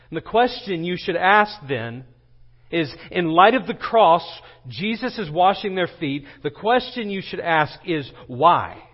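A man preaching from the pulpit, his voice a bit higher than most men's, building in intensity as he voices quoted lines with feeling. The recording is dull and lo-fi. He sounds middle-aged. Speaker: pastor. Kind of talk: sermon.

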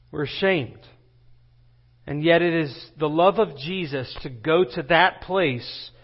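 Higher-pitched preaching man on lo-fi audio. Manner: preaches with rising intensity, dramatizing quoted lines. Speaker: pastor. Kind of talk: sermon. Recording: dull lo-fi recording.

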